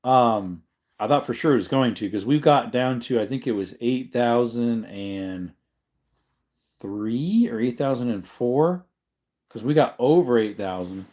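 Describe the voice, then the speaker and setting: An unhurried man with a mid-range voice hosts a casual livestream, rambling along and correcting himself as he goes. He sounds tired, yawning, and relaxed.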